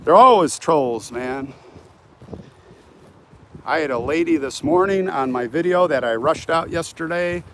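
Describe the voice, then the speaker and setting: A man's voice: on the high side, a little slow, pauses often. Guy rambling on a live stream while walking around outside, phone mic, lots of wind noise in the background. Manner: talkative, reads viewer comments aloud and answers them. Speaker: vlogger hosting a live stream. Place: outdoors in a sunny cemetery. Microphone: phone held while walking.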